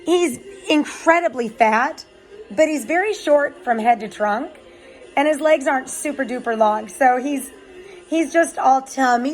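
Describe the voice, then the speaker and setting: Woman dog breeder, casual explainer, fairly high voice, soft music bed underneath. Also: unhurried, low-quality recording. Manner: chatty and explanatory, with filler ums. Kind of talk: casual vlog narration.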